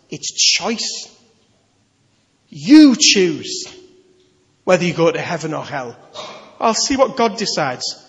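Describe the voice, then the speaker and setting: A male preacher gives a lively, chatty sermon in a fairly high voice. His words ring out in a long hall reverb, with a slightly dull, muffled tone. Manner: animated, conversational, emphatic.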